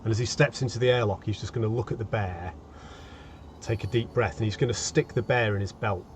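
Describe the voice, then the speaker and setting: Male player, low voice, relaxed play, light hiss behind. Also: a little fast. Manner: relaxed, describes his character's actions. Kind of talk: tabletop game play.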